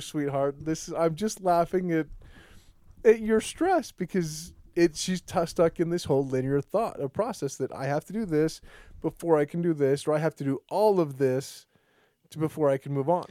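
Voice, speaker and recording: Mellow-voiced man rambling through a podcast story. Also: normal speed, no room sound, clean studio sound. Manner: rambling storyteller who restarts sentences often; acts out quoted dialogue with lively pitch jumps. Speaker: podcast host. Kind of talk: casual podcast chat.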